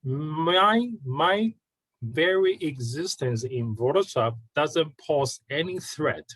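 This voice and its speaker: A man from Taiwan with a Taiwanese accent, speaking as a guest in a casual conversation, halting and restarting often. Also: on the high side, animated, a bit bright, no room sound, rough recording.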